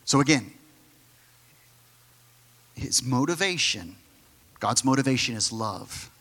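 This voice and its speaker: A male pastor preaching a sermon, emphatic and conversational, who sometimes drops to a soft near-whisper on key phrases. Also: medium pitch, expressive, slow pace. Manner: direct, conversational asides to the congregation.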